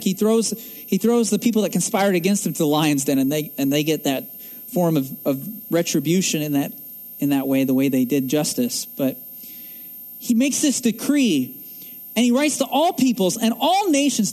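A man's voice: high voice, a little mellow. A man pastor preaching a sermon, emphatic and asking the congregation rhetorical questions.

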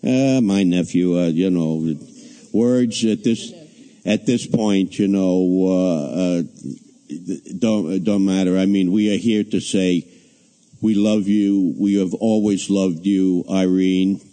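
A man giving a halting funeral eulogy as a family member, pausing often with fillers and restarts. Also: low-pitched, fairly even intonation, warm tone, rough recording. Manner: hesitant, many fillers and restarts.

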